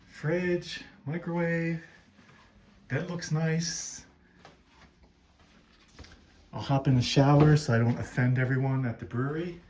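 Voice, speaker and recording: A man narrating a casual travel vlog in a relaxed, rambling way while running errands. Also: fairly high pitch. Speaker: thru-hiker vlogger. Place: outdoors in a town. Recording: outdoor street noise.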